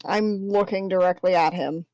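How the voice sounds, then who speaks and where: A woman's voice: fairly low pitch, steady tone, normal speed, a little mellow, no room sound, highs cut off. A woman playing a tabletop game, speaking playfully in a sing-song way. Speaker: player.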